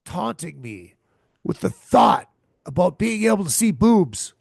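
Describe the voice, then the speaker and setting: A man hosts a podcast and rants crudely, swearing and circling back to the same complaints over and over. His voice is gravelly and fairly high, and his pitch swings widely. It sounds dry and close. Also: sing-song, unhurried, a little mellow, no echo. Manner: profane, exasperated, repeats himself. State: tired and hungover. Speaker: podcast host. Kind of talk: crude comedic rant.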